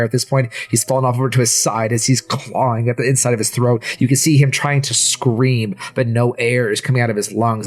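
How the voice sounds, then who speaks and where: Man narrating as game master. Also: medium pitch. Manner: descriptive, dramatic narration.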